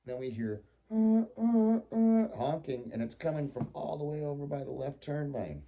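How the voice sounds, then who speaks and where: A man's voice: mid-range voice, moderate pace, vocal fry, phone-quality sound, a little hiss or hum. Guy telling a story casual-like, voice jumps all over, acts out what he was thinking. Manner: animated, laughing, acts out his own panicked thoughts.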